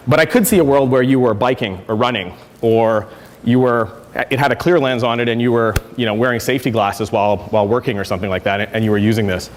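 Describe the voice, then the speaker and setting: A man's voice: mid-range voice, fast, big-room sound, a little hiss or hum. A man giving a conference talk, conversational and self-correcting with frequent fillers. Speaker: conference speaker. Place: lecture hall.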